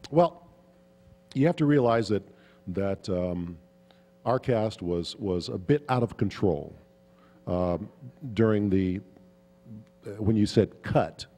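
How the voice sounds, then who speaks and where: A low-voiced man, a guest actor on a convention panel, tells anecdotes during a Q&A. He's relaxed and chuckling, rambling loosely with fillers, and his voice trails off in a long reverb tail.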